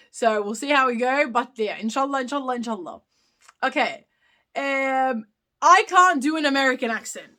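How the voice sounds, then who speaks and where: A bright, fairly high-voiced Irish woman answers viewer questions on a casual live stream. She talks openly and warmly into the phone, with lots of fillers and restarts as she thinks aloud. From Ireland. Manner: chatty and open, many fillers and restarts.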